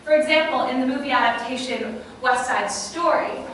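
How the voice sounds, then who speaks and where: A young woman presenting a workshop to a live audience, chatty and lively, with fillers and asides to the listeners. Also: sits high, moderate pace, slight background noise. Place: classroom or small auditorium with an audience. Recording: echoey room, far from the mic.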